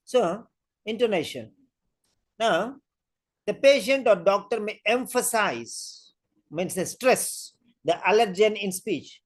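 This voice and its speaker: A tutor giving a listening test lesson, talking slowly and deliberately and repeating each point to drill it in. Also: medium pitch, animated. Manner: deliberate, emphatic teacher talk. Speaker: exam-prep tutor.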